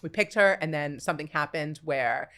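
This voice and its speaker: Telling her own story as a guest on a casual podcast, a woman in her forties is animated, full of laughter and acted-out quotes. Her voice is low and her speed normal.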